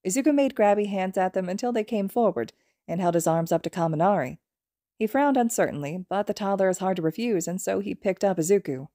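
A woman narrating fan fiction as an audiobook, in a calm, even storytelling manner. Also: mid-range voice, fast, no echo, studio quality. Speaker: podfic reader.

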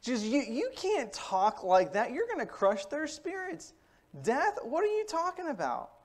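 A preacher doing a frantic, high-voiced pleading disciple. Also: male voice, wildly swooping pitch, unhurried, full character voice. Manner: high-pitched, urgent, protesting. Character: anxious, pleading grown man, a worried disciple.

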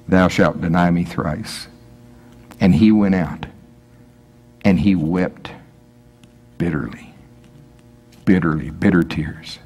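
Low-voiced preacher, casual and animated. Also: male voice, breathy edge. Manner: conversational, acts out voices, breaks into laughter. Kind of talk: sermon, reading and explaining scripture. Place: church.

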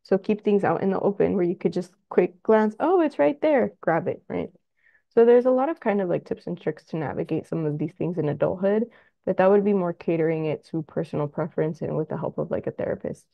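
A woman therapist talks parents through child behavior in a relaxed, conversational way, now and then acting out little scenes with kids. Her voice sits low with a gravelly fry. The sound is dry and a little dull. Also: a little fast, no room sound. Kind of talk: presentation to parents.

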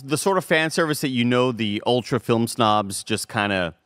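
A man's voice: mid-range voice, animated, moderate pace, fairly bright tone, smooth, no echo. A man co-hosting a casual movie review podcast, rambling in a laid-back way and swearing casually. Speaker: podcast co-host.

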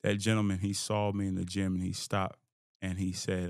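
A young man hosting his own show, telling a long personal story in a casual, animated and profane way, acting out the scenes and his own thoughts as he goes. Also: low-pitched, normal speed, clear, resonant tone, no echo, clean studio sound. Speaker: host.

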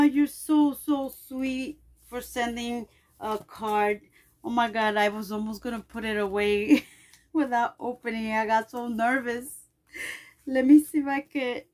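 A middle-aged woman with a fairly high voice chats through a mail unboxing. She gushes with effusive thanks and takes her time, talking slowly. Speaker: vlogger opening mail. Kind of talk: casual unboxing chat.

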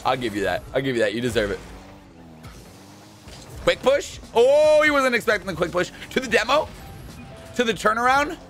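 Young man, gaming commentary, excitable, jokey, high-ish voice, faint music underneath. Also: normal speed, pauses often. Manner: excitable, jokey, bursts into shouts and laughs. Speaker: gaming YouTuber. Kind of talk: live gameplay commentary.

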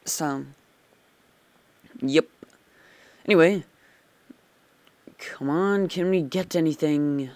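A man rambling through casual game commentary at an unhurried pace. His voice is smooth and clean, and he is easily startled. The recording is dry, close to a desk mic. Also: fairly high pitch, darkish tone, no echo. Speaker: let's play gamer.

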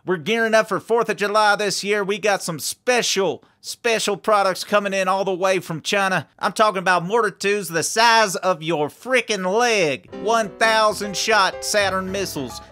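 Man doing a rambling hick fireworks king, bright pushy voice, twang, hard-sell bravado. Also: sits high, normal speed, hardly any pauses, faint music behind. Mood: salesy. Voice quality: folksy, rambling, salesman bravado. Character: boastful small-town fireworks seller, pork-loving hick. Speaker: guest. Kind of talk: improvised comedy podcast character.

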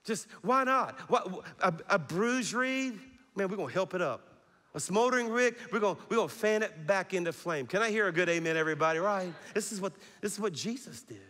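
Middle-aged male pastor, animated sermon, slightly high voice, big hall reverb. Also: a little fast. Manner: animated preaching with call-and-response. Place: large church hall. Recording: long reverb of a large hall.

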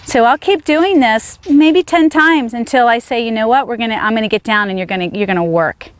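Firm, high-voiced woman horse trainer. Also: brisk, few pauses, no room sound. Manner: firm, coaxing the horse with short praise. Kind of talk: riding demonstration, talking to horse and viewers. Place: outdoors on horseback.

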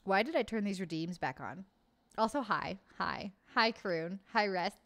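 A woman's voice: mid-range voice, sing-song, normal speed, slight background noise. A woman hosting a livestream, chatting casually and reading live comments, bubbly, swearing freely and laughing often. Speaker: livestream host.

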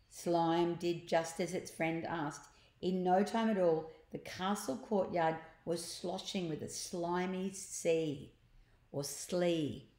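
Woman reading a children's book aloud, slow, lowish voice, echoey room. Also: fairly even intonation, dark tone. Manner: slow, explains words and pictures to young listeners. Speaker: storyteller.

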